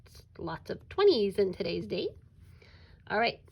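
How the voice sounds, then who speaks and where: Slow, lively kindergarten teacher woman. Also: vocal fry, breathy edge. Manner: animated, drawn-out teacher talk with sudden high exclamations. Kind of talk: recorded remote classroom lesson.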